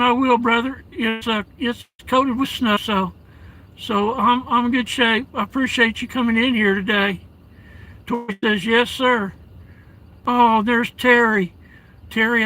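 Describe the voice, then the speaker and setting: A man live streaming from his vehicle in a snowstorm, reading chat aloud and calling viewers darling and brother, with halting restarts. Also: very high voice, sharp tone, low-quality recording. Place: inside a parked vehicle at home during a blizzard.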